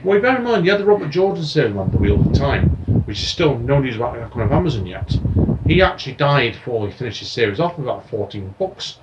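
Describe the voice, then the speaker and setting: A man's voice: medium pitch, sing-song, fast. Chatty male podcast host, lo-fi hiss. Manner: reads news items aloud, chatty and rambling. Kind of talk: casual podcast chat.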